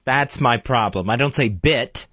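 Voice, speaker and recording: A man's voice: medium pitch, a little slow, fairly bright tone, dry recording. A man co-hosting a talk radio show, talking hesitantly and defensively. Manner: hesitant, defensive, nervous laughter. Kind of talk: casual talk radio banter. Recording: dull, dry studio broadcast sound.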